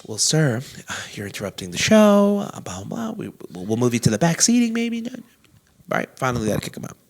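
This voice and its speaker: Animated, profane male comedian. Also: medium pitch, a little fast, vocal fry. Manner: loud, animated, swears often, acts out quotes. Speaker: comedian host.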